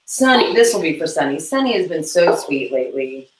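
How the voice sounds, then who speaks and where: A woman's voice: sits low, very animated, a little fast, noisy background. Woman, co-host, casual chat, giggly, rambling asides, echoey room. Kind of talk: casual chat while cleaning tack.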